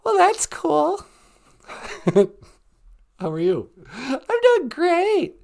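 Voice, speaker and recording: Man doing a giggly female co-host, high falsetto, slow, sing-song. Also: wildly swooping pitch, gravelly, a little mellow, heavily acted. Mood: playful.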